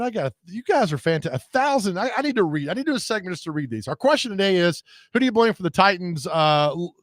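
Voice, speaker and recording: A man's voice: on the high side, a bit bright, no echo, clean studio sound. A man hosting a radio show, telling rambling, jokey stories in casual chat.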